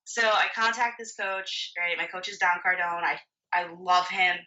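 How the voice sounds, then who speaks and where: Woman, twenties, podcast guest, bright voice, candid, swears, lots of "like", distant muffled audio. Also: lowish voice, steady tone, normal speed. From Florida. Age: 20s. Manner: candid, swears freely, peppers speech with "like". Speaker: podcast guest, bodybuilding competitor. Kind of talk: casual storytelling.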